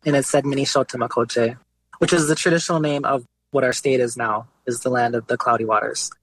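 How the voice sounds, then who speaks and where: A man's voice: mid-range voice, brisk, husky. Young guy artist chatting loosely, lots of likes and you knows, medium voice. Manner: relaxed, conversational, many fillers like "like" and "you know". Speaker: guest artist. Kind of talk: casual interview storytelling.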